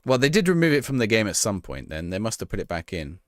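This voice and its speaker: A man's voice: fairly low pitch, very animated, quick pace, dry recording, studio quality. A man streaming a football management game live, reacting to the action and chatting with his viewers.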